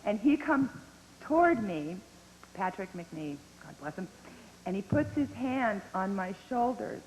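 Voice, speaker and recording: Laughing woman telling a convention story. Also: mid-range voice. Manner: animated storytelling with frequent laughter. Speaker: actress on a convention panel. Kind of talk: anecdote on a fan panel. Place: large convention hall. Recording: echoey hall, faint noise, 1990s audience tape.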